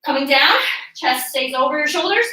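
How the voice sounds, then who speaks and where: An out-of-breath woman leads a workout class with a very high, bright voice, cheering and whooping her class along. She sounds set back from the mic in a very echoey room. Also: moderate pace, recorded from a distance. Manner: energetic, encouraging, frequent whoops and cheers. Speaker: fitness instructor.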